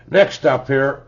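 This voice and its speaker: An older man, middle-pitched and relaxed, reminiscing through his record collection. He rambles, restarts and chuckles, and he ends his remarks with "eh?". The sound is dull and lo-fi, like a home recording. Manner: rambling, chuckling, tags lines with "eh?". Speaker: music collector vlogger. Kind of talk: casual reminiscing about records.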